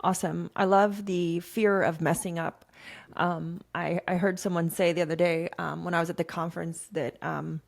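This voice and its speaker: Low, gravelly-voiced woman hosting a podcast. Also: flat delivery, moderate pace. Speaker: podcast host. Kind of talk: casual interview.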